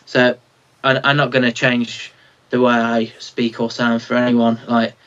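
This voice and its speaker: A man's voice: medium pitch, little pitch movement, a little slow, fairly bright tone, smooth. A young Mancunian man answers in a plain-spoken, proud way, sprinkling "like" through his talk. His voice comes through somewhat muffled and dull, as if over a remote link. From Manchester, England. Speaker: guest singer-songwriter. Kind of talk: casual interview.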